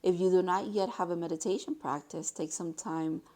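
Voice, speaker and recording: A woman with a fairly low voice gives a casual tarot reading to her viewers. She is excitable and gushing, exclaiming often, and slows to a softer tone when she reads card text aloud. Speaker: tarot reader.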